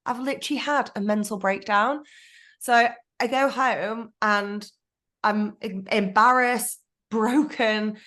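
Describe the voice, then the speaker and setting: A woman, a podcast guest, frankly telling her personal story in an animated way. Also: a little high, takes it slowly. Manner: frank, animated storytelling with self-talk asides. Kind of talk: candid storytelling interview.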